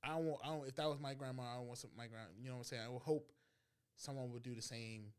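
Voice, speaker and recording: A man co-hosting a podcast, telling a story in a casual chat and acting out the dialogue with lively energy. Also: medium pitch, quick pace, clean tone. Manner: animated storyteller, acts out dialogue, breaks into laughter. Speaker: podcast co-host.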